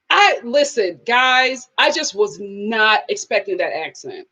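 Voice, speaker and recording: A woman hosting a live TV review, talking in an expressive, animated way and responding to viewers. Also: sits high, takes it slowly, soft background music. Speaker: host of a TV review channel.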